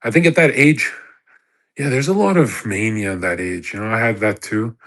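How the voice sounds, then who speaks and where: A man's voice: on the low side, moderate pace, a bit bright. A man in his thirties hosting a live audio chat room, lecturing in an emphatic, profane casual rant. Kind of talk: casual ranting monologue.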